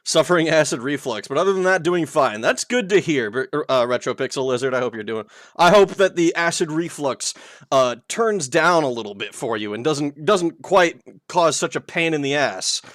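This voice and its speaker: A man's voice: on the high side, expressive, moderate pace, fairly bright tone, dry recording, studio quality. A man streaming live in a playful, teasing way, reading chat aloud and laughing often.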